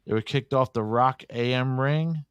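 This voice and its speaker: A man co-hosting a podcast in casual chat, slangy and quick with short reactions. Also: mid-range voice, smooth, no room sound, muffled recording. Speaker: podcast co-host.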